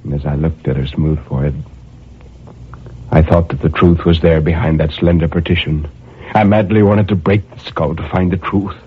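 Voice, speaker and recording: A man's voice: a bass voice, fairly even intonation, moderate pace, breathy edge. A man reading a dramatic first-person story in a brooding manner, with impassioned outbursts. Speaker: narrator. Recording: tinny narrow-band recording.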